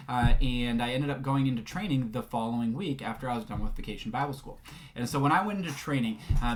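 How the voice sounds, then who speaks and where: A man telling a personal story to a group, with frequent filler sounds and rambling asides. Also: mid-range voice. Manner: acts out quoted dialogue.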